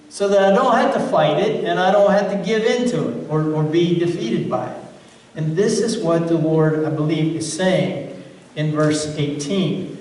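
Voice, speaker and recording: A man's voice: on the high side, unhurried, a little mellow. A man preaching a sermon as pastor, earnest, often repeating words as he builds a point. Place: church sanctuary. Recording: roomy church sound from far off.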